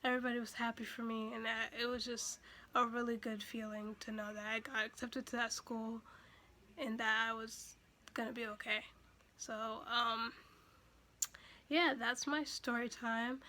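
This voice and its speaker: A woman's voice: a little high, level tone, moderate pace, bright, forceful tone, slight background noise. A young woman telling a personal story in a chatty way, full of fillers and restarts, and emotional at moments. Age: young adult. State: emotional, near tears at times. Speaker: vlogger. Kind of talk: casual storytime.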